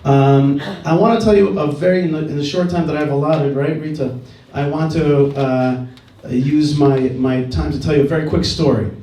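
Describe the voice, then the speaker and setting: A man's voice: fairly high pitch, steady tone, normal speed, hardly any pauses, dark tone, distant mic. A middle-aged man giving an earnest talk at a gathering, telling a story and repeating his key phrases. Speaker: speaker at a dialogue gathering. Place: indoor event hall. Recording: roomy hall, speaker away from mic.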